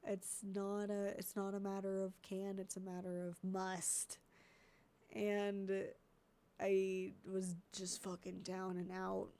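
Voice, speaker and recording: A woman's voice: medium pitch, monotone, slow pace, dark tone, smooth. A congested woman streamer chatting casually and thinking aloud while editing videos, easily distracted.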